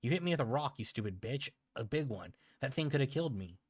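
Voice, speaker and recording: A man's voice: deep voice, fairly even intonation, fairly quick, dry recording, studio quality, lightly acted. Man doing a taunting, cruel bully boy. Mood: angry. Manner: taunting, mocking. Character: sneering village bully boy, cruel and boastful.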